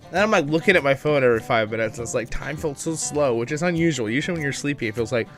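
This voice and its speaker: A man's voice: medium pitch, quick pace, a bit bright, faint music behind. A man hosting a casual livestream, chatty and upbeat, greeting viewers by name and laughing often, with a bit of a morning voice. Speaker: livestream host.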